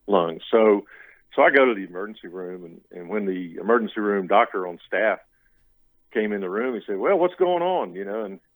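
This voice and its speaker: A man's voice: on the low side, fairly quick, no room sound, low-quality recording. A man in his late fifties from Louisiana, telling his story as a radio interview guest, rambling with restarts. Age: 50s. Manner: rambling storyteller with restarts, acts out what others said.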